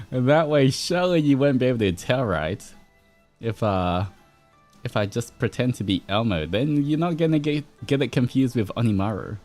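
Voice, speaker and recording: A man's voice: medium pitch, lively intonation, measured pace, a little mellow, soft background music. A man with an Australian accent chatting casually with viewers on a stream, playful and laughing often.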